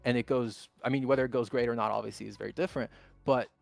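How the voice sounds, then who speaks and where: A man's voice: mid-range voice, fairly even intonation, quick pace, gravelly, dry recording. A man with a mid-range voice giving blunt, candid advice as a stream guest, cursing casually as he goes. His voice comes through dry, with little room sound. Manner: candid and blunt, swears freely. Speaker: guest trader. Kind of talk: casual chat on a live stream.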